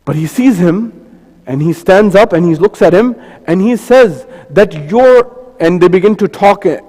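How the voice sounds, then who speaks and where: A man's voice: sits high, animated, measured pace, warm tone. A male preacher in a mosque giving a sermon, telling a story with repeated phrases and lists. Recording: long reverb of a mosque hall.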